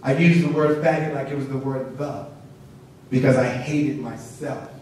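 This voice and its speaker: Guy telling a personal story on stage, sounds far off in a big echoey room, faint rumble behind. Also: fairly even intonation, moderate pace, a little mellow. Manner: earnest storytelling, acts out dialogue. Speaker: speaker at a symposium. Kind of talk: personal story told to an audience.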